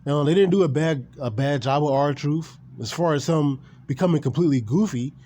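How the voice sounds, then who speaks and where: A man's voice: on the high side, normal speed, dark tone. A man ranting casually and with animation about wrestling, swearing and repeating himself. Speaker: gaming and wrestling commentator. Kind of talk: casual opinion rant.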